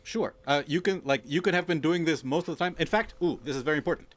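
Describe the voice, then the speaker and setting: A man's voice: on the high side, quick pace. A young man running a tabletop game as game master, talking loosely with many fillers and restarts.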